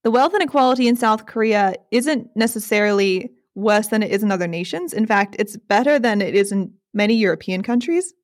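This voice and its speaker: A young woman hosts a casual podcast chat, her medium-pitched voice fairly quick with few pauses. She's chatty, self-deprecating and laughs often, recorded in clean studio sound without echo.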